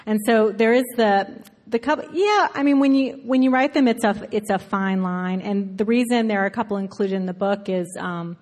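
In a reverberant hall at a live event, a woman author from Alabama gives a relaxed, thoughtful interview about her writing. Her medium-pitched voice has a faint Southern accent, and her talk is chatty, full of fillers, self-corrections, and frequent laughter.

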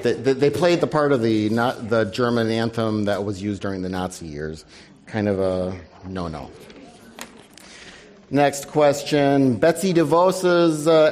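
A man moderating a panel and running a news quiz for an audience, brisk and wry, dropping his voice for asides. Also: mid-range voice, darkish tone. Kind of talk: live panel event hosting.

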